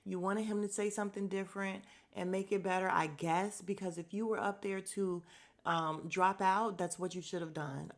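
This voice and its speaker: A woman hosting a podcast, giving a blunt, opinionated recap of a reality show, swearing freely and quickly acting out the cast's lines. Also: medium pitch. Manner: acts out cast members' lines in quick asides. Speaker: podcast host.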